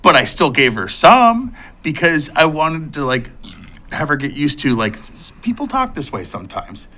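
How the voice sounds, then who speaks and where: A man's voice: a little high, moderate pace. A man co-hosting a casual podcast, telling stories with crude jokes and frequent laughter. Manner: laughs often, animated storytelling. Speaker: podcast co-host.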